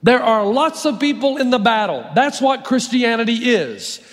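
High-voiced preacher in a reverberant hall. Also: male voice, normal speed. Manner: animated storytelling, acting out quotes. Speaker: pastor. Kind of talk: sermon.

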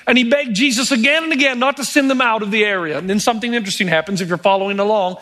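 A man's voice: sits high, very fast, hardly any pauses, sharp tone. A male pastor preaching a sermon, telling stories with acted-out quotes and wry humor.

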